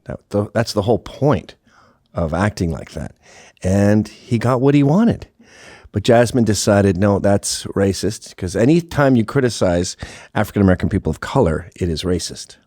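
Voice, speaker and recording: A man's voice: on the low side, expressive, moderate pace, darkish tone, no echo, clean studio sound. Sarcastic, profane male talk host. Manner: sarcastic, profane, laughs at own jokes. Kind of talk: casual monologue commentary.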